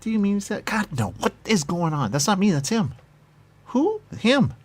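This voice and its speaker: A man's voice: high voice, very animated, normal speed. A man trading absurd, playful comedy banter, with some whispered asides.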